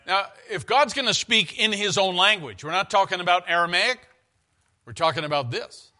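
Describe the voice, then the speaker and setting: A man's voice: sits high, animated, moderate pace, sharp tone. A man preaching an earnest, conversational sermon in a church, often restarting his phrases.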